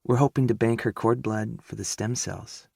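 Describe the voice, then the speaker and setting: A man voicing a gentle young pregnant woman with a soft Outer Banks drawl. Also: lowish voice, steady tone, normal speed, creaky, slightly rough, no echo, clean studio sound, voice pushed up. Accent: Outer Banks North Carolina drawl.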